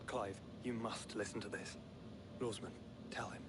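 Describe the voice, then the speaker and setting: An actor playing an earnest, formally spoken young scholar in a game, with noise behind. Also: male voice, on the low side, steady tone, measured pace, close to an everyday voice.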